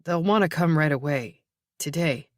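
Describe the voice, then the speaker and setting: A narrator voicing a grieving young man in his twenties who answers a detective's questions quietly and shakily in an audiobook. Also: mid-range voice, moderate pace, dry recording, clean studio sound, lightly acted. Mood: strained. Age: 20s. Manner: quiet, shaky, tired replies.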